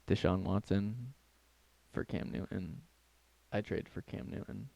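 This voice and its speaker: A laid-back man co-hosting a casual podcast who mostly chimes in with short agreements. His voice is fairly low and heavily gravelly, with lots of vocal fry. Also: measured pace, warm tone, dry recording, highs cut off. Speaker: podcast co-host. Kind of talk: casual chat.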